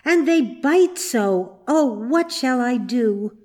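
A woman's voice: fairly high pitch, animated, very slow, mellow, heavily acted. Woman doing a frightened little girl. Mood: distressed. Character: young girl, frightened and tearful.

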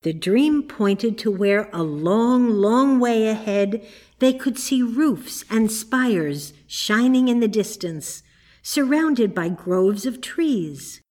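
Woman narrator, storybook read-aloud, slow and unhurried, calm. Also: on the high side.

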